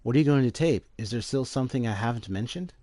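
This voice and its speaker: A man voicing a gentle young mother, raising and softening his voice. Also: animated, fast talker, dry recording, natural voice. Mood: tender. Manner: raised, softened pitch.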